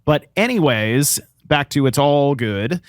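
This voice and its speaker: A man's voice: on the high side, expressive, unhurried, no room sound, clean studio sound. A man co-hosting a podcast, joking and asking rambling questions, with half his mouth numb from a dental injection. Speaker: podcast co-host. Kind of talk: casual podcast chat.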